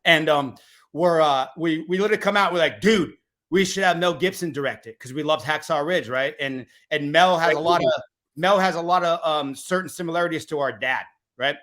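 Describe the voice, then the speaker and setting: A man guests on a podcast and tells a story with animation. His voice sits somewhat high for a man. He speaks casually and uses a fair number of fillers. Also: a little fast, a bit bright.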